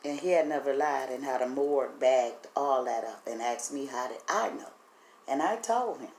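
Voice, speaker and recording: A woman's voice: extremely low pitch, darkish tone. Tearful woman talking in an echoey room. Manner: earnest, halting, voice catching with emotion. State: voice breaking, teary. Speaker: vlogger sharing spiritual impressions. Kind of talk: emotional direct-to-camera talk. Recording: echoey room, faint background hum.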